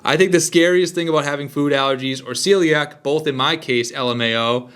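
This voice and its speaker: A man in his twenties answering viewer questions in a casual, chatty way, with quick self-deprecating asides. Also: fairly high pitch, fairly bright tone, clean tone. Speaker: vlogger. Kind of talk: casual Q&A to camera.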